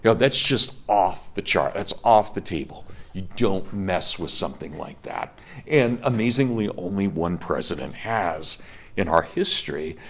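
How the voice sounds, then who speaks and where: A man's voice: low voice, animated, measured pace, husky. A man in his fifties giving a college history lecture, speaking with passion and emphasis and talking directly to his students. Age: 50s. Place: classroom.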